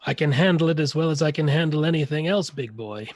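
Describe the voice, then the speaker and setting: Man voicing a flirtatious half-orc woman prisoner, slow and teasing, pitched slightly high. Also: slight background noise, close to an everyday voice.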